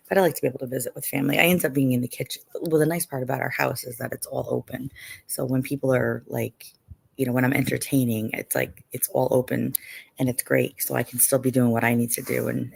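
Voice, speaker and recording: A woman's voice: extremely low pitch, vocal fry, a little mellow, husky. A middle-aged woman hosting a live stream, chatting casually with viewers and often saying "you know".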